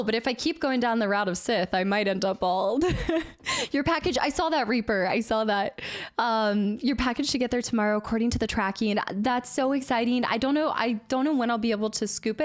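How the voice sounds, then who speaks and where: A young woman streamer chatting casually with her viewers, bubbly and quick to laugh. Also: on the high side. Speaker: variety streamer. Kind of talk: casual live-stream chat.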